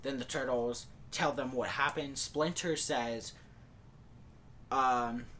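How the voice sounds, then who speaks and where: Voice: medium pitch, steady tone, takes it slowly, fairly bright tone, slight background noise. Rambling podcaster retelling a plot. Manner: rambling, loose with fillers like "like" and "and stuff". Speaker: podcast host.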